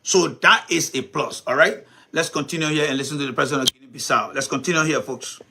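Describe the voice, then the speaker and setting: A man hosting a live commentary stream, animated and repetitive, talking straight to his viewers. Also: fairly high pitch, fast talker, gravelly, noisy background. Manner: animated, repeats himself, talks to viewers as folks. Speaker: commentary show host.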